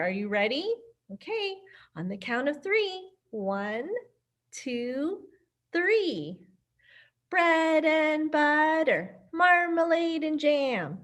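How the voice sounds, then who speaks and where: High, unhurried storytime librarian woman. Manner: upbeat, sing-song, encouraging, talks to children and caregivers. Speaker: children's librarian hosting storytime. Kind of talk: virtual children's storytime.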